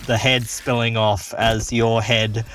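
Man calmly running a horror game. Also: on the low side, background noise. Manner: calm, deliberate narration with occasional laughs. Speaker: game master.

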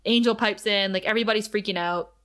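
Bright-voiced woman recapping an episode. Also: medium pitch, fast talker. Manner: animated, laughs often, acts out quotes. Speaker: podcast co-host recapping a TV episode. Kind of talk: casual recap chat.

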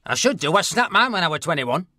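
A man playing a deadpan northern bloke. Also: high voice, fast, no echo, clean studio sound, exaggerated voice. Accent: Northern English. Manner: deadpan, blunt, plain-spoken. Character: gruff northern ex-stalker bloke, blunt. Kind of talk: mock documentary interview.

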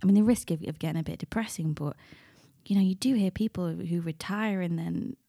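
Relaxed woman in her thirties, dry sound. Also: lowish voice, brisk, creaky, dry recording. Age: 30s. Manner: reflective and relaxed, with a lot of fillers. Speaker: podcast co-host. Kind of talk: casual chat.

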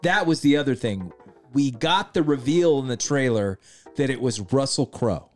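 A man's voice: medium pitch, animated, normal speed, faint music behind. Chatty man reviewing a film. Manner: chatty, agreeable, often says yeah. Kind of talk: casual chat.

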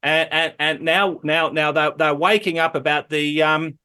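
A man with a slightly high voice talks as a politician guest on a radio show. His delivery is emphatic and full of restarts. He keeps tossing in "okay?" to press his points. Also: fairly even intonation, unhurried, bright, forceful tone, clean tone. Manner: emphatic, repeats words, checks in with "okay?". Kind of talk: phone-in radio interview.

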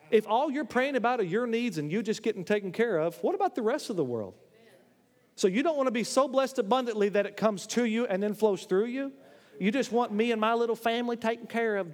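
High-pitched preacher man in a reverberant hall. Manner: emphatic, rising to impassioned declarations with jokes. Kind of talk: sermon.

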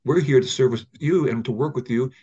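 An older man talks fast and a little husky, winding through his stories with restarts and asides. The sound is dull and lo-fi, like a remote call. He is a guest on a conversational interview show. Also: medium pitch. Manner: rambling, animated storyteller with frequent restarts. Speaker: guest, app founder.

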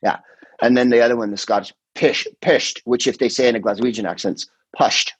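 A middle-aged man, a comedian and podcast host, chatting casually in a rambling, animated way, full of quoted voices and swearing. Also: mid-range voice, quick pace, slightly rough, dry recording, poor audio. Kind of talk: casual chat.

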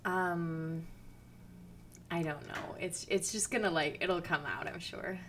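Soft-spoken Minnesota woman. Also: fairly low pitch, takes it slowly, a crowd in the background. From southern Minnesota. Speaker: podcast co-host. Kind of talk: casual chat.

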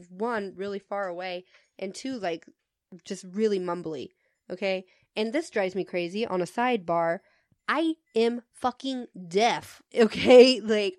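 A woman's voice: mid-range voice, no room sound, studio quality. A woman co-hosting a casual podcast who tells a story with lots of laughter and swearing. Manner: laughs often, swears freely, animated retelling. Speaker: podcast co-host.

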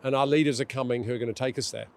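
A man's voice: medium pitch, fairly even intonation, rapid-fire, noisy background. A middle-aged man, a guest author in a conversational interview, talking emphatically and acting out quotes. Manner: emphatic, acts out quoted voices.

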